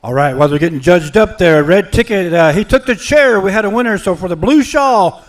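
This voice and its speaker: A man's voice: high voice, animated, fairly quick, hardly any pauses. A man co-announcing at a powwow over the PA, calling raffle numbers and trading teasing banter. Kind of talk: live arena announcing. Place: outdoor powwow arena.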